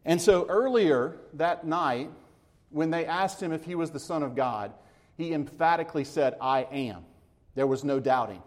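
A man's voice: fairly high pitch, normal speed. A man preaching a sermon in a conversational way, explaining scripture with everyday comparisons and acting out the dialogue. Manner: retells dialogue, acting out the speakers.

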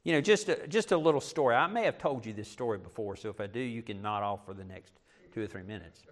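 A middle-aged male pastor preaching a sermon, animated, with self-deprecating asides. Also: lowish voice, fast talker.

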